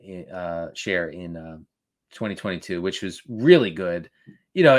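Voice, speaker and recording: A man co-hosting a casual fantasy football podcast, talking with quick restarts, stammers and frequent laughs. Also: fairly low pitch. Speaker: fantasy football analyst co-host.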